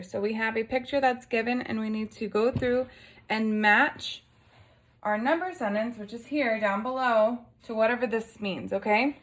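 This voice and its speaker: A woman's voice: on the high side, moderate pace, a bit bright. A young woman teaching a lesson to young children, patiently sounding out letters and asking simple questions. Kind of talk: early-grade lesson video.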